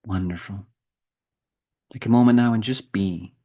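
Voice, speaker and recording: A man leading a group spiritual challenge, talking softly and slowly through a guided meditation over a video call. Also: fairly low pitch, muffled recording. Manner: soft, slow, soothing with long pauses.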